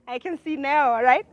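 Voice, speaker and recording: A woman telling a personal story in casual chat. She swings from low mutters to loud outbursts and often laughs as she talks. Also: heavy background noise. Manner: laughs through her own story.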